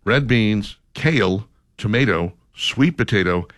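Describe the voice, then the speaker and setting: A man's voice: lowish voice, lively intonation, a little slow, fairly bright tone, dry recording. A man hosting a casual radio chat, reading a list aloud with dry, sarcastic commentary. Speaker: radio show host.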